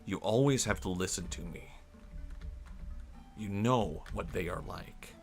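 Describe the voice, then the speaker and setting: A man's voice: low-pitched, measured pace, faint music behind. A man doing Kevin, a scheming worm. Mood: smug.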